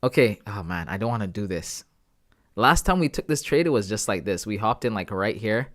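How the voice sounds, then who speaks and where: A young man hosts a live trading stream in an easy, casual way. He thinks out loud and keeps talking straight to his chat, calling them guys and bro. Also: fairly low pitch, animated, brisk. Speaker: trading livestream host.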